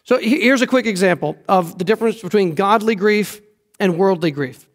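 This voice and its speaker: A man's voice: sits high, normal speed. A man preaching a sermon as pastor, earnest and emphatic, repeating key phrases for weight.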